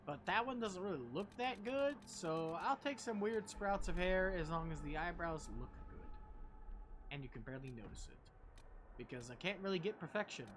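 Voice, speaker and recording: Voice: medium pitch, lively intonation, normal speed, background noise. A game streamer giving casual, joking commentary with plenty of swearing and self-deprecating asides.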